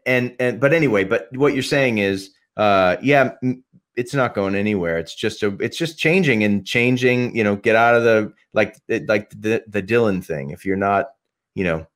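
Passionate, rambling low-voiced man. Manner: passionate, rambling, swears freely. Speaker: musician guest. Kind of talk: casual podcast conversation.

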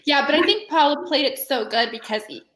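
A woman in a casual podcast chat with a fairly high voice. She giggles and leans on "like" as she talks, and her voice rings in an echoey room. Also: lively intonation, fairly quick, a bit bright. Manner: says "like" a lot, giggly. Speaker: podcast co-host.

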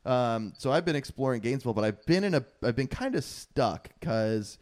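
A young podcast host chats casually from his father's home office, joking, laughing often and wandering into asides. His voice is mid-range with lively intonation, normal speed and a darkish tone.

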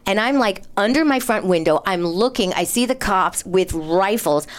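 A woman's voice: medium pitch, normal speed. A woman telling a story in casual podcast chat, acting out what people said. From Los Angeles area. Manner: animated storyteller who acts out quotes.

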